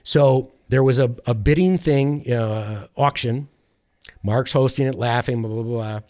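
A man's voice: mid-range voice, measured pace. Man telling a rambling sports anecdote. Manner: rambling, animated anecdote with quoted voices and self-corrections. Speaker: sports radio producer, guest. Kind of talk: casual storytelling.

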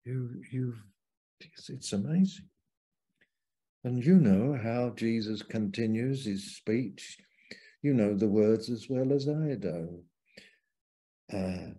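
A man preaching as a Bible teacher over a video call, slow and fervent, leaning hard on key words. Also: medium pitch, mellow, slightly rough.

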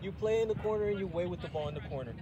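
Brief: male soccer coach barking encouragement over a crowd, high-pitched. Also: racing, highs cut off. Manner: loud encouraging instructions. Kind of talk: sideline coaching shouts. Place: outdoor soccer field.

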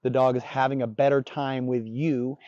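A man with a warm, relaxed voice talks as a dog trainer, blunt and plain-spoken. He swears casually. The recording sounds dry and dull. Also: mid-range voice, normal speed, no echo. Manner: blunt, profane, confident explaining. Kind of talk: casual on-the-job instruction.

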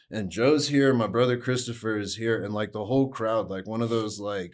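A man's voice: fairly low pitch, measured pace. A man, a guest musician, casually telling rambling stories and swearing freely. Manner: laid-back, rambling, swears freely, acts out quotes. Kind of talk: casual storytelling.

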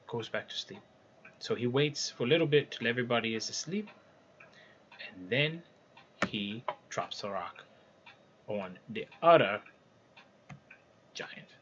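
A man's voice: mid-range voice, a bit bright, a little hiss or hum. A man casually retelling a fairy tale in a loose, conversational way, with restarts as he goes. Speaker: storyteller. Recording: dull lo-fi recording.

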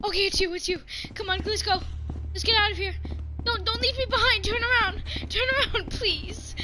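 A woman's voice: very high voice, normal speed, pushed and bright. A young woman chatting casually while playing a horror game, jumpy and slangy, shrieking when scared. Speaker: gamer. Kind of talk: casual gaming chat.

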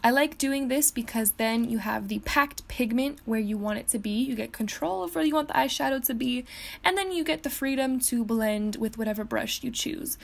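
A woman's voice: fairly high pitch, moderate pace, creaky. A young woman talking through a makeup tutorial in a chatty, casual way, now and then losing a word and laughing at herself. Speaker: beauty vlogger.

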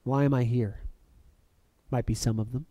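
A man preaching a reflective sermon, letting phrases fall soft and then lifting sharply for emphasis. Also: medium pitch, steady tone, moderate pace, dry recording. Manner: reflective, with soft dropping phrase ends and sudden lifts.

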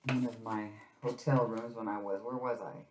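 A woman's voice: a bass voice, steady tone, moderate pace, echoey room, background noise. A woman vlogging about her crafting, chatty and storytelling, talking to her viewers as "you guys".

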